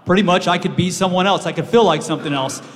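A man giving a personal testimony in a halting way, with many pauses and restarts. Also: high voice. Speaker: guest speaker sharing testimony. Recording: hall with long reverb.

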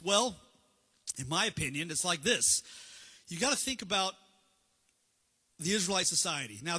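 A man's voice: high-pitched, sharp tone, breathy edge, in a large hall. A man preaching a casual, conversational sermon with slides, acting out bits of dialogue.

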